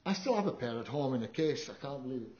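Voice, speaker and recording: An older man, a live sound engineer, telling stories to an audience in a lecture hall and acting out what people said. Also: fast talker. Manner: animated storyteller, acts out quotes with big pitch jumps. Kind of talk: anecdotal presentation to an audience. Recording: dull, roomy hall recording.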